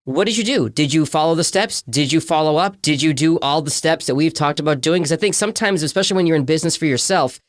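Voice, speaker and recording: Fast-talking man co-host. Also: a little high, dry recording, clean studio sound. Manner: reflective, summing up. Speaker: podcast co-host. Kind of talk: podcast conversation.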